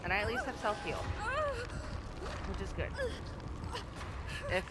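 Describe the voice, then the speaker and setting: A woman doing live gameplay commentary as a channel host, swearing often and yelping and shouting when she gets scared. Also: medium pitch, a little slow, very noisy. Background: loud game music and sounds.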